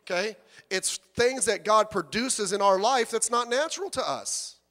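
High-voiced preaching man in a reverberant hall. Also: moderate pace. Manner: animated, acts out quoted people, swings from soft to loud. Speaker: pastor. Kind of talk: sermon. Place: church.

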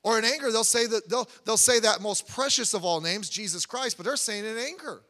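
High, bright-voiced preacher in a reverberant church. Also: male voice, brisk. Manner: conversational preaching with asides and restarts. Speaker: pastor. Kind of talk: sermon. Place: church sanctuary. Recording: long church hall reverb.

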